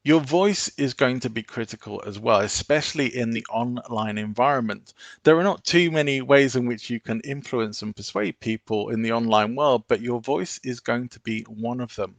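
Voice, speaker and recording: A man presents an online business seminar, speaking in a steady, instructive manner. His voice has a gravelly texture in a middle register, and the sound is dry and close, with no room around it. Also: mid-range voice, dry recording. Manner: instructive, measured, deliberate.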